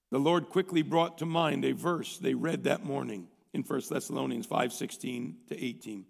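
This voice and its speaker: A male pastor preaching a sermon in a conversational, folksy way, reading a story aloud and often clearing his throat. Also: medium pitch, moderate pace, hardly any pauses, in a large hall.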